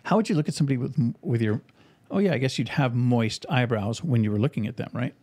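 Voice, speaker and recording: A man hosting a podcast, casually telling an animated story and acting out the voices of people in it. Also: medium pitch, quick pace, dry recording. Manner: animated anecdote telling, acts out quoted voices. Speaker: podcast host and author.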